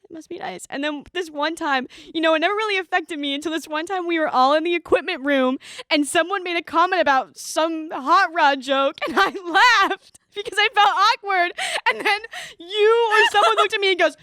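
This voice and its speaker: This podcast co-host, a woman in her twenties, speaks at an extremely high pitch and normal speed, with few pauses. An animated storyteller, she chats casually and performs the quotes of the people in her tales, captured in a dry, studio-quality recording.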